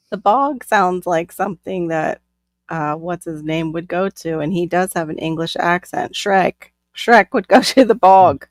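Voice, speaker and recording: A woman's voice: on the low side, measured pace, dry recording, studio quality. A woman from Florida hosting a casual chat stream, chatty and laughing often. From Florida, USA. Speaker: channel host.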